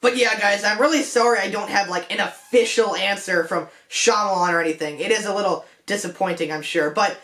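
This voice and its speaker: A man's voice: high-pitched, brisk, few pauses, sharp tone. A young man hosting a comedic film commentary vlog in a detective persona, rambling and self-mocking, with joking asides and frequent restarts. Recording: echoey room.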